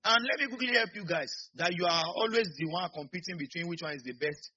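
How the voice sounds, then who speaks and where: A Nigerian pastor preaches to his church in a husky, bright, sharp voice that leaps up and down in pitch. He moves from murmured asides to loud bursts, and the recording sounds muffled. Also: fast talker. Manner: preaching with sudden shouts and acted asides. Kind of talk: sermon.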